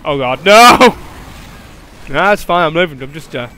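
A young man giving live gameplay commentary, rambling and joking at the monster, swinging from low mutters to panicked yelps and laughs. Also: moderate pace, clear, resonant tone. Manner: excitable, yelping and laughing, swings from mutters to shrieks.

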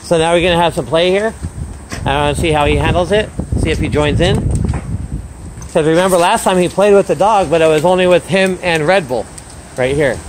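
Speaking a little fast in a voice on the high side, a man gives casual vlog commentary as a dog trainer outdoors in his yard. He upbeatly explains what his dogs are doing and calls out to them by name, with noise in the background.

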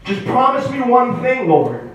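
An exasperated ancient patriarch, put on by a comedian, whines and haggles, his voice leaping high and all over the place. It sounds like a live stage mic in an echoey club, heard from a distance with a faint hiss underneath. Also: big pitch swings, measured pace, highs cut off, exaggerated voice. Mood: protesting. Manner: whiny, incredulous, bargaining with God. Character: Abraham, bickering old male patriarch. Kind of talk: stand-up impression.

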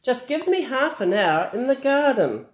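A woman's voice: high voice, sing-song, unhurried, voice pushed up. An older woman voicing a cheerful, sprightly old grandma in a picture book read-aloud, chirpy and motherly. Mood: kindly.

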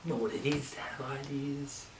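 A man vlogging in a manic, profane comedic rant, swinging between shouting and muttering. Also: mid-range voice, steady tone, normal speed. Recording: echoey room, distant mic, noisy.

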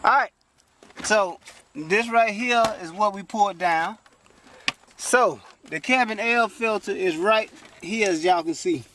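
A man's voice: high voice, slow pace, sharp tone, slight background noise. A man doing a casual how-to car repair vlog, chatty and exclaiming often as he talks straight to viewers while working inside a parked car. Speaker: vlogger.

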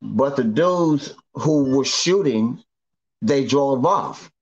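Middle-aged man from Northern California, mid-pitched voice, casual slangy testimony full of repeats and restarts, slightly dull lo-fi recording. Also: expressive, slow. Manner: repetitive, slangy storyteller who restarts often. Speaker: guest giving a testimony. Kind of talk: emotional first-person storytelling.

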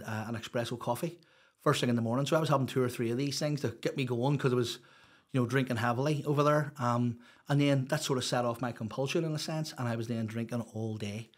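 Man, Northern Irish accent, podcast guest, rambling storytelling, middle pitch. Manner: rambling, peppered with "you know"; open, chatty storyteller. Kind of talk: casual storytelling interview.

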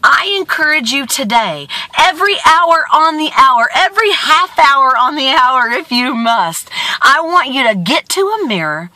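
A woman vlogger giving a motivational talk, expressive and emphatic with a sing-song storytelling manner. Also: high voice, unhurried, no room sound.

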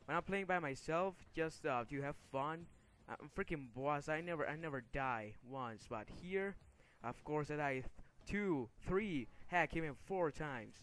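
A man's voice: on the high side, lively intonation, unhurried, hardly any pauses, fairly bright tone. A young man commenting over his own gameplay, frustrated and swearing, with sudden angry outbursts between mumbled asides. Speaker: gaming video creator.

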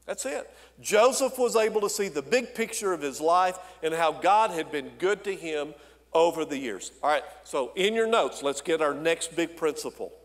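A man preaches from the pulpit with a voice set a little high. He talks in a folksy, conversational way and keeps turning to the congregation with quick asides. His words trail off into the long reverb of a church sanctuary. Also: lively intonation. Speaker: senior pastor. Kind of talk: sermon.

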